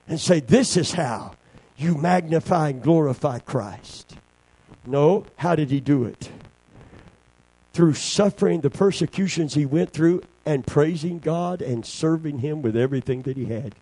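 An older man preaching a sermon, swinging from shouted lines to hushed, quiet passages. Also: fairly high pitch, measured pace, husky, dry recording, poor audio.

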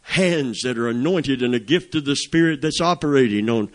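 An older man delivers a sermon with fervent, folksy energy, mixing plain talk with shouted praise. His voice sits in an ordinary middle register for a man. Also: mid-range voice, animated, normal speed. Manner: fervent, folksy preaching with exclamations. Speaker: preacher.

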